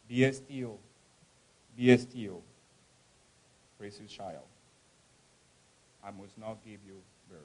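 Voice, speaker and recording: A man at a campus read-in event giving a slow, solemn poetry recitation with swelling emphasis. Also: on the low side, darkish tone, slightly rough, poor audio. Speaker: event reader.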